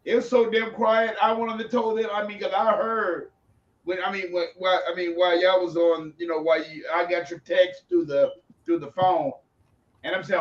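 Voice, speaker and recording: A man on a podcast, casually rambling through a story in a relaxed, chatty way. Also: sits high, moderate pace. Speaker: podcast co-host. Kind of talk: casual chat. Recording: roomy, distant, dull lo-fi sound.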